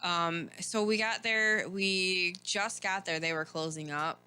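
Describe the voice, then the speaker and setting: A woman's voice: lowish voice, steady tone, takes it slowly, pushed and bright, clean tone, soft background music. Candid woman host telling a story. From Michigan. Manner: candid, rambling, laughs often, many restarts. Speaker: podcast host. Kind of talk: casual personal storytelling.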